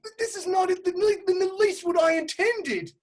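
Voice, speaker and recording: A woman's voice: extremely high pitch, moderate pace, darkish tone. A woman playing a pompous, blustering male aristocrat official with a put-on upper-class English accent, in a comic stage reading. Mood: outraged. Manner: indignant, self-important, prone to outbursts. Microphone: home setup, remote quarantine recording.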